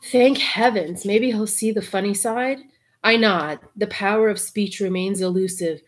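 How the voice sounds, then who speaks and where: A woman giving an intimate reading aloud, soft and half-whispered, breaking off for wry, cursing asides. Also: mid-range voice, a little slow. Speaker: reader and commentator.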